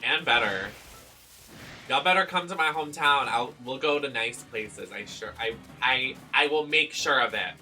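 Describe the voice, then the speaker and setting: A man from Boston with a Boston accent, chatting casually while streaming a game, greeting viewers and breaking into loud excited exclamations. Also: mid-range voice, normal speed, soft background music.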